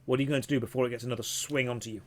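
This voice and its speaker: A man narrating a tabletop game as dungeon master, in a measured storytelling manner. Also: medium pitch, fairly even intonation.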